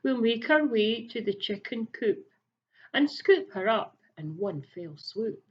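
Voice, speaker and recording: A woman's voice: a little high, big pitch swings, takes it slowly. Hefty Hugh, a scheming burly thief, read by a woman. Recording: dull lo-fi recording.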